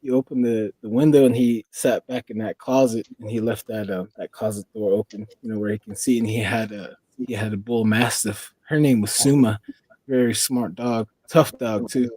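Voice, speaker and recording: A man's voice: on the low side, fairly even intonation, moderate pace, mellow, no room sound, poor audio. A man from the Four Corners region of the US, a podcast guest telling a long story in a rambling way and leaning on "you know". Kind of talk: casual storytelling.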